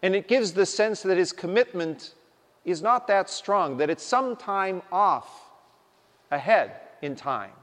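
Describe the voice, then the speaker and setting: Slow, deliberate male preacher in a reverberant hall. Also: high-pitched, animated, a bit bright. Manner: slow, deliberate, emphatic delivery. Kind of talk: sermon. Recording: long reverb of a large hall.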